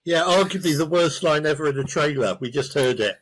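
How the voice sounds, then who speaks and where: Wry sarcastic guy reviewing a movie, a bit husky. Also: a little high, animated, brisk, poor audio. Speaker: film reviewer. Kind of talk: casual film review chat.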